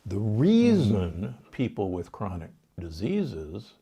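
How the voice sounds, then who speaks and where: A man's voice: lowish voice, huge pitch swings, takes it slowly, vocal fry, warm tone, slightly rough. An older man, a doctor, being interviewed and explaining health advice in an authoritative way, with numbers and frequent restarts. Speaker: doctor and guest. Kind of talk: podcast interview.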